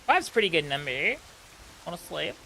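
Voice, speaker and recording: A man's voice: on the high side, very animated, fairly quick, creaky, pushed and bright, a little hiss or hum. A man chatting casually on a gaming stream, rambling with many fillers and restarts.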